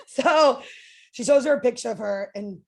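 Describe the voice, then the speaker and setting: A young adult woman, a podcast guest, telling a story in a lively way, acting out what others said and using "like" a lot. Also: fairly high pitch, normal speed, vocal fry. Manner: lively, acts out quoted voices, frequent "like" fillers. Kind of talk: animated storytelling.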